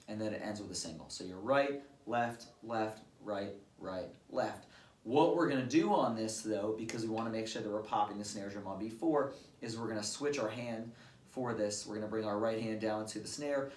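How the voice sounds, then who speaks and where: Brief: male drum teacher, lower voice, patient step-by-step talk, miked from across a roomy studio. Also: slight background noise. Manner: patient, step-by-step explaining with casual fillers. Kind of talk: instructional drum lesson. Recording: roomy, distant-mic recording with drums. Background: drum kit played at times.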